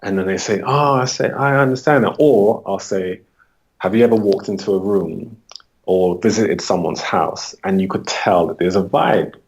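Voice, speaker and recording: Speaking at a moderate pace with a breathy edge, a British holistic coach responds to interview questions. He re-enacts his talks with clients, letting his pitch climb for their dialogue.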